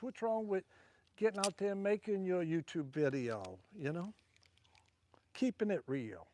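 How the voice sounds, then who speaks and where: A man's voice: sits high, a little mellow. A man with a Southern Louisiana accent chatting casually to livestream viewers while fishing from a wharf at night, rambling between casts.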